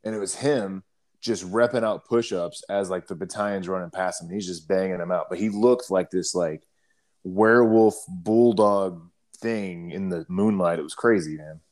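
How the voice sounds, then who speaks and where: A middle-aged man talks in an easygoing, casual way, his voice sitting fairly low. He swears freely and tells army stories, acting out the other people's lines as he goes. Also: normal speed, a little mellow. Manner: laid-back, profane storytelling with quoted dialogue. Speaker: army veteran telling stories. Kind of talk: casual chat.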